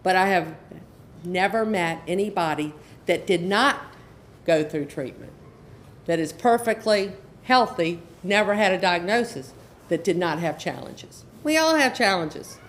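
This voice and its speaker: A woman's voice: lowish voice, expressive, unhurried, a little hiss or hum. A middle-aged woman speaking earnestly at a conference session as an educational counselor, repeating her key points for emphasis. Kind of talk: conference presentation to an audience.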